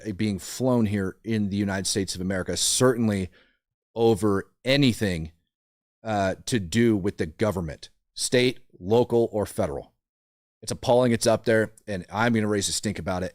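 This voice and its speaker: A man's voice: on the low side, brisk, a little mellow, dry recording, clean studio sound. A man hosting an opinion show, blunt and indignant, often stumbling over repeated words as he rants. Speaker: commentary show host. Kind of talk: opinionated political commentary.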